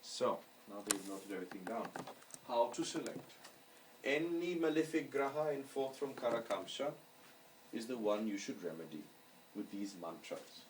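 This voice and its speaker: A man's voice: mid-range voice, animated, moderate pace, recorded from a distance, a little hiss or hum, poor audio. A male astrology teacher giving a lecture and leading his students in reciting mantras syllable by syllable. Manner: chants syllables for students to repeat.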